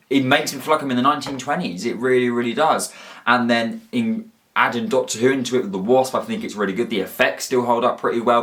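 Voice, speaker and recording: A man's voice: mid-range voice, fairly bright tone. A man casually ranking episodes as a fan reviewer, talking enthusiastically and rambling with frequent restarts.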